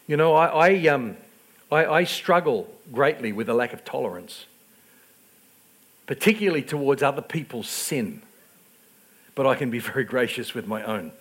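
A middle-aged man preaching a sermon, telling self-deprecating stories with stammered restarts and swinging between loud outbursts and quiet asides. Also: medium pitch, animated, moderate pace, pauses often, slightly rough. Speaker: pastor.

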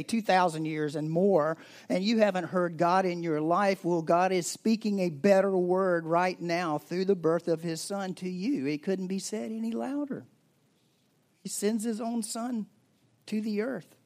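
Male pastor, slightly high-pitched voice, conversational sermon delivery with hushed passages. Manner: conversational, shifts between loud emphasis and near-whisper.

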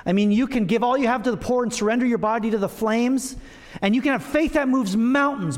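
A man in middle age delivers a sermon in a relaxed, conversational way, trading gravity for jokes at his own expense. His voice sits high for a man. The church sanctuary around him adds a long, lingering reverb. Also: a little fast. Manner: conversational, self-deprecating humor. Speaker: pastor.

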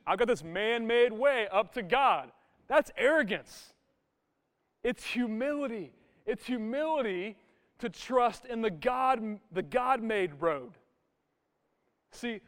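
A man's voice: extremely high pitch, big-room sound. A pastor in his thirties, preaching a sermon with impassioned emphasis.

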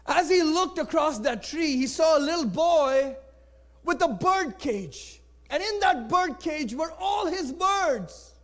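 A man tells a moral story in a very high voice, unhurried and deliberate. He shifts freely from loud, emphatic lines to hushed near-whispers. His delivery is expressive and dramatic throughout.

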